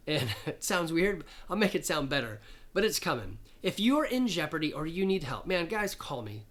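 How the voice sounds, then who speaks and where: A man's voice: fairly high pitch, a bit bright. A man in his fifties, a gym owner and coach, talking casually and earnestly to camera in a rambling, plain-spoken way. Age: 50s.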